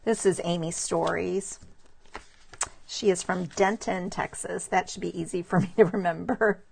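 A middle-aged woman chatting warmly on a live craft stream, admiring handmade cards and greeting viewers by name. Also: on the low side, fairly even intonation, a little slow, vocal fry, husky. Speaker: stamping demonstrator showing cards to live viewers. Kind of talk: casual live craft show-and-tell.

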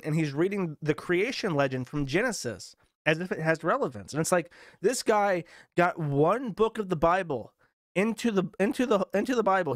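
A man's voice: high voice, dry recording, clean studio sound. A man hosting a show, ranting over video clips in an exasperated, profane way. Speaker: host.

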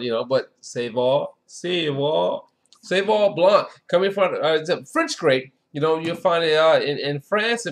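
A man hosting a casual wine tasting review, chatty and enthusiastic, with lots of filler phrases. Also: fairly high pitch.

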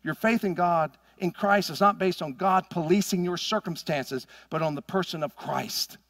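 A middle-aged man preaching a sermon as pastor, swinging from loud emphatic peaks to quiet asides. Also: sits high, normal speed, no echo, studio quality. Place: church sanctuary.

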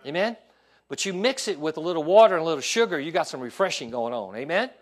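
High-voiced preaching man. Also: fast. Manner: animated preaching with call-and-response asides. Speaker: pastor. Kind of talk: sermon. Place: church sanctuary.

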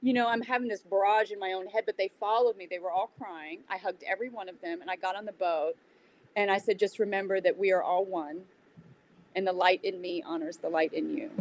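A woman guest in an interview, telling a story in a casual, animated way and acting out what people said. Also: medium pitch, a little fast, a little hiss or hum, poor audio. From United States. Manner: animated retelling with acted-out quotes. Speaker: interview guest, yoga teacher.

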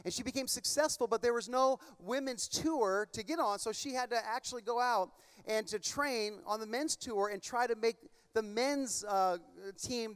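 A man's voice: sits high, smooth. A man preaching a sermon as a pastor, moving between fervent, emphatic exhortation and rambling, casual storytelling. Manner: impassioned, emphatic preaching with loud bursts; relaxed rambling storytelling with fillers. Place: large church.

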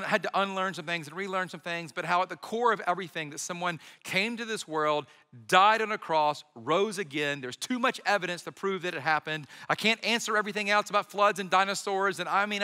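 A man's voice: high voice, sharp tone, long reverb tail. A man, a pastor, giving a sermon in a conversational, storytelling way with bits of humor.

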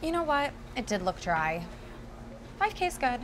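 Excitable young woman, a hitman's new sidekick played by an actress: rambling, needling, high voice that leaps all over. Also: a little slow, a little hiss or hum. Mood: shaken, giddy. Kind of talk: web series drama acting.

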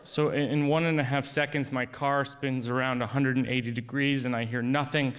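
A man telling a long comic story on stage, with a dry, wry, deadpan delivery. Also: mid-range voice, a little fast. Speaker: comedian. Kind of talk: stand-up storytelling.

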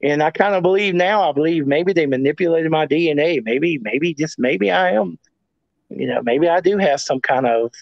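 A man with a fairly high voice talks as a guest on a show. He rambles through his stories and circles back on himself. The audio is dry and dull, like a lo-fi recording. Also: moderate pace, creaky, no echo. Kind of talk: casual storytelling.

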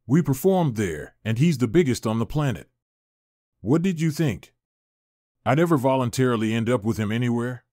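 A man's voice: medium pitch, animated, normal speed, warm tone, dry recording, studio quality, lightly acted. A man voicing a defiant estranged young wife. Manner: heated, exasperated, pleading. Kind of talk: audiobook character reading.

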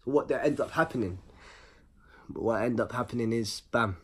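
Husky man telling a story. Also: mid-range voice, fairly quick. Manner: animated, slang-heavy, repeats words for rhythm. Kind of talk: casual storytime monologue.

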